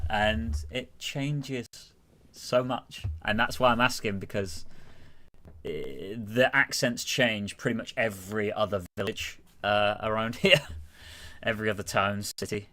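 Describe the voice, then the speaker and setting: Low-voiced man with a Manchester accent. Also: unhurried, pushed and bright. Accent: Greater Manchester English. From Greater Manchester, England. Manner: rambling and chatty, with lots of fillers and self-corrections. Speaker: guest streamer. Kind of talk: casual stream chat.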